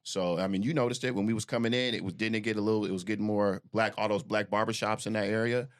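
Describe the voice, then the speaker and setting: A man's voice: fairly low pitch, steady tone, fast, clean tone. A man co-hosting a casual chat, laid-back and slangy, telling the audience about a trip.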